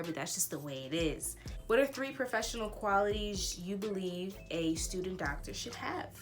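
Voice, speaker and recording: A young woman vlogger giving casual, animated advice, chatty and full of slang. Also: fairly low pitch.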